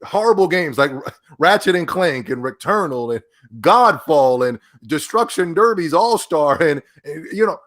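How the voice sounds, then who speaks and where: A young man hosting a gaming podcast, ranting in a mocking, giggly, excitable way. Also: fairly high pitch, normal speed. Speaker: podcast host. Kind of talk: casual gaming podcast rant.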